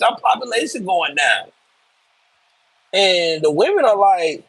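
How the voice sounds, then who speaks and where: A man's voice: high-pitched, very animated, a little slow, pauses often, a bit bright, slightly rough, dry recording, low-quality recording. A man hosting live political commentary, ranting in a blunt, profane, emphatic way.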